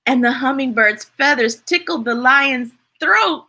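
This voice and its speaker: Slow, bright-voiced woman reading picture books. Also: sits high. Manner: playful and expressive, asks listeners questions. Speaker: storytime reader.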